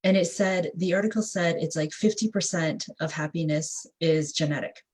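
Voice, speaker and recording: A woman's voice: sits low, moderate pace, darkish tone, breathy edge. A woman hosting an interview in a casual way, laughing easily as she talks. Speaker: interview host. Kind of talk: conversational interview.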